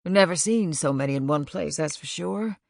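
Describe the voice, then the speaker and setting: A woman's voice: low-pitched, normal speed, gravelly, darkish tone, no echo, clean studio sound. A woman voicing a friendly, bearded middle-aged man from Kentucky with a folksy, easygoing drawl, in an audiobook. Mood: genial. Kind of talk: audiobook character voice.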